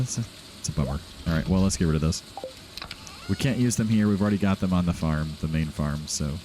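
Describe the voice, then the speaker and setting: A man's voice: sits low, a little mellow, slight background noise. A man hosting a casual, rambling video game playthrough, chatting and laughing often as he plays at home. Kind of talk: casual gameplay commentary.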